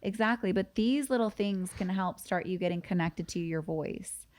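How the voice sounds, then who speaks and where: A middle-aged woman therapist talks as a guest in an interview. Her voice sits slightly low for a woman, and she speaks frankly and emphatically, calling things as she sees them. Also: moderate pace, a little mellow. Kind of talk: conversational interview.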